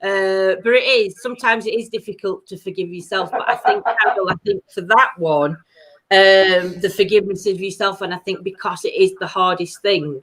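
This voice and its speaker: A woman's voice: mid-range voice, fairly even intonation, moderate pace. Chatty woman, middle-aged. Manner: chatty, warm-hearted, calls viewers by name. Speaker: co-host of a live chat show. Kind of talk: casual live chat.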